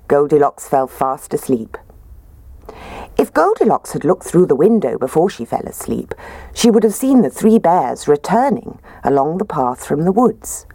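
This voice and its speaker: Woman, low voice, lively expressive storybook reading, dry close recording. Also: no room sound. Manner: gentle and expressive. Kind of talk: storybook read-aloud.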